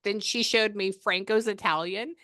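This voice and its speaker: A woman's voice: medium pitch, fairly even intonation, moderate pace, sharp tone, dry recording, studio quality. A woman from Texas, working as a spiritual medium in a reading session over a video call. She talks in a chatty, rambling way and keeps breaking off to say "hold on.". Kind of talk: live reading session with a client.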